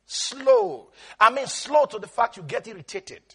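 This male pastor's voice sits high and sounds husky as he delivers an animated sermon. He slows his words for emphasis and breaks out laughing.

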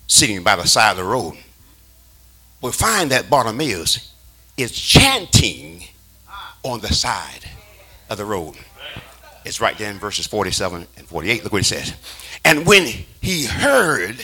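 A man preaching a call-and-response sermon in a church, shouting and singing his phrases. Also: medium pitch, slightly rough, low-quality recording. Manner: shouting, sing-song preaching cadence.

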